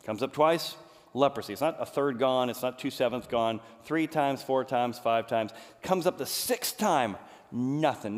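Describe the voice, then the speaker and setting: Male pastor, mid-pitched, preaching with animated storytelling; long hall reverb. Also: unhurried. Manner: animated storytelling, acts out quotes. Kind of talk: sermon.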